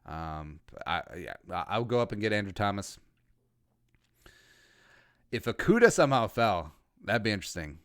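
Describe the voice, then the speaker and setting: A man's voice: on the low side, sing-song, normal speed, pauses often, clean tone. A man in his thirties from Minnesota hosting a casual livestream podcast, rambling and joking with crude asides. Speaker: podcast host.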